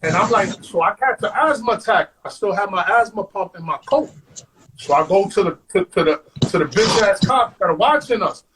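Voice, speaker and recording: A man, a guest on an interview show, telling stories in an animated way, acting out quotes and saying "man" all the time. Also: sits high, moderate pace, background noise. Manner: animated, acts out quotes, says "man" constantly. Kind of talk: storytelling.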